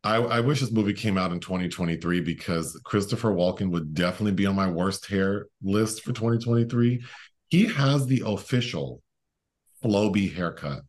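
Low-voiced man joking through casual film chat. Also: moderate pace. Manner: joking, laughs often, many "like" fillers. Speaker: podcast co-host.

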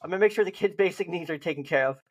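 A young man co-hosting a podcast, chatting casually and acting out gentle reassuring lines to a lost child. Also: high-pitched, racing, husky, dull audio. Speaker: podcast host. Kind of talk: casual chat.

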